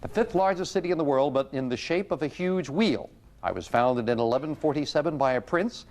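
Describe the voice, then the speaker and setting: In a 1980s TV broadcast full of loud audience noise, a game show host reads quiz clues and trades jovial, playful banter with contestants. His voice is a little high, with lively intonation and a fairly quick pace.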